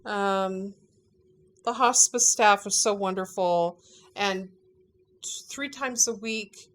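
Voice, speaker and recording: A woman's voice: medium pitch, takes it slowly. Chatty woman telling family stories. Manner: chatty, animated, laughs often. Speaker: family member recounting a parent's final weeks. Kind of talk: casual family storytelling.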